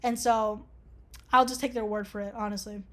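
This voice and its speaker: A woman's voice: medium pitch, steady tone, normal speed, a bit bright. A young woman casually talking through an online quiz, sarcastic and swearing freely. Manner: sarcastic, swears a lot, laughs often. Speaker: vlogger taking an online quiz. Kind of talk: casual commentary reading a quiz aloud.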